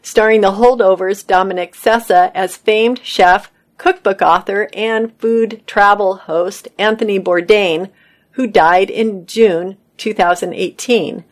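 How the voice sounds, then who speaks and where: A woman reading entertainment news articles aloud in a steady read-aloud manner. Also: mid-range voice, takes it slowly.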